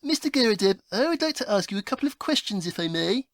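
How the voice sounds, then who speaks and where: A woman's voice: mid-range voice, very animated, quick pace, dry recording, clean studio sound. A woman voicing a prim, haughty male detective in a comedy audio play, with a formal, fussy, scolding manner.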